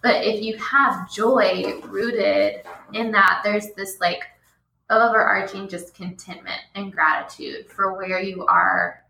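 A woman's voice: medium pitch, fairly even intonation, slow pace, gravelly, bright, forceful tone. A woman hosting a casual interview, bubbly and laughing often. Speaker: podcast host. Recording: echoey room, faint noise.

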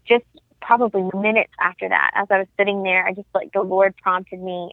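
A woman's voice: mid-range voice, fairly even intonation, fairly quick, gravelly, no room sound. Young woman, earnest testimony, tinny phone-line sound, dry. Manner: earnest, heartfelt storytelling. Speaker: guest. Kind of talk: personal testimony in a podcast interview. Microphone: phone call.

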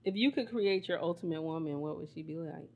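A woman's voice: low-pitched, fairly quick, muffled recording. Teasing woman podcast co-host. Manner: teasing, questioning, laughs often. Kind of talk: casual podcast chat.

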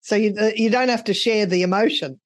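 A woman hosting a podcast interview, agreeing warmly and asking questions with restarts as she thinks aloud. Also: medium pitch, fairly quick. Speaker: podcast host.

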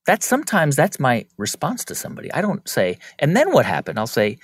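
A man answering interview questions in a relaxed conversational way, telling anecdotes expressively. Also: a little high, brisk, husky, no echo, studio quality. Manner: animated, expressive storytelling. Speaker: guest, interviewer of founders.

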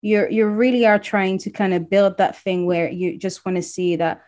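A woman's voice: mid-range voice, fairly even intonation, moderate pace, a little mellow. A woman from Congo telling a personal story in casual conversation, acting out the voices of people she quotes.

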